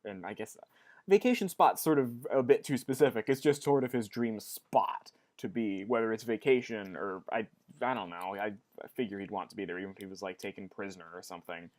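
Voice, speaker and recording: A man's voice: on the low side, fairly quick, a little mellow. A young man talking casually in a weekly vlog, rambling and restarting his sentences often. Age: young adult. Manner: rambling, with many restarts and fillers. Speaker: vlogger.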